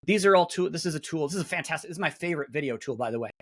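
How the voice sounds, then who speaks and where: A man's voice: a little high, lively intonation, very fast, a bit bright. Chatty man demoing tools on a call. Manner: chatty, self-interrupting, many fillers. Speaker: webinar guest speaker. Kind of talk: casual screen-share demo.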